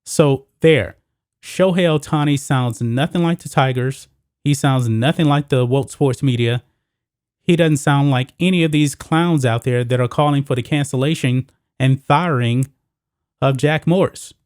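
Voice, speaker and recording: A man hosting a solo sports commentary show, talking emphatically and pushing his pitch up on the points he stresses. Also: a little slow, a little mellow, smooth, dry recording, clean studio sound.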